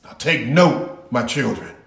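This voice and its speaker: A man's voice: mid-range voice, measured pace, gravelly, far from the mic. A man preaching a sermon in an emphatic, repetitive, folksy manner. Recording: roomy echo.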